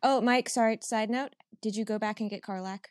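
A woman co-hosting a podcast in casual chat, quick-witted and enthusiastic, trading puns. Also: fairly high pitch, steady tone, dry recording, studio quality. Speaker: podcast co-host.

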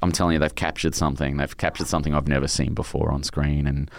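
A man's voice: extremely low pitch, little pitch movement, quick pace, vocal fry, no room sound, studio quality. A middle-aged Australian man, an author being interviewed, telling emotional stories in a rambling way with many restarts. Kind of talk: casual interview chat.

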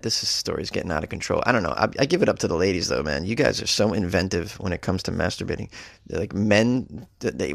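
A man's voice: fairly low pitch, vocal fry, no room sound, clean studio sound. A man hosting a comedic news podcast, reading stories and riffing on them with wry jokes. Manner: wry, joking, riffs on stories. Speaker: podcast host.

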